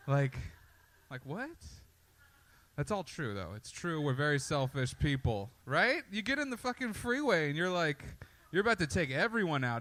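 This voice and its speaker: Man, stand-up comic, club stage, handheld mic, forceful bright voice, conversational, swearing. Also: high voice, animated, moderate pace. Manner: loose and conversational, with asides and swearing. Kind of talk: stand-up comedy set.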